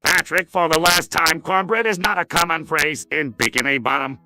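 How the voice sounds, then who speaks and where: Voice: mid-range voice, moderate pace, sharp tone. A synthetic male voice imitating a grumpy, condescending cartoon squid. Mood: irritated. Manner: irritated and condescending.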